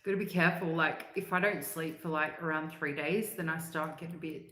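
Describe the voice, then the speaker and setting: A woman's voice: low voice, steady tone, a little fast, sharp tone. A middle-aged woman, chatting casually on a livestream in a rambling way, laughing often and dropping slang. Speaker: livestream host. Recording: roomy echo.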